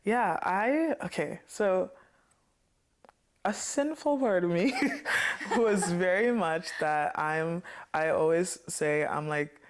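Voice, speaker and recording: A woman from the Caribbean, a guest in an interview, telling stories in an animated, playfully fierce way and laughing often. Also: lowish voice, takes it slowly. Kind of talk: casual storytelling interview.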